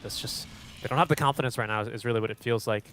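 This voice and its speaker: A man casting an esports match with quick, excitable play-by-play commentary. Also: medium pitch, slight background noise. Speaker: esports caster.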